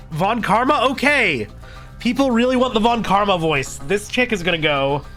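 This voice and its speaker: A man streams a video game and gives unhurried, chatty commentary, thinking out loud and laughing at himself. His pitch bounces around expressively. Faint game music plays underneath. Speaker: gaming streamer. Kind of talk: casual let's-play commentary.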